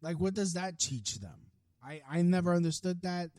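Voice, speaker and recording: Male podcast host, solo rant, heavy swearing, somewhat high voice with a dark, mellow tone, dry close sound. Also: expressive, normal speed, no echo. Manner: profane, heated, swings from mutters to near-shouting. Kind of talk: ranting solo podcast monologue.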